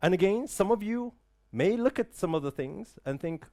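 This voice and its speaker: Animated and warm, a man with a high voice speaks at a normal speed, motivating a live audience in an event room. He's a motivational speaker who leans on rhetorical questions and a repeated "right?"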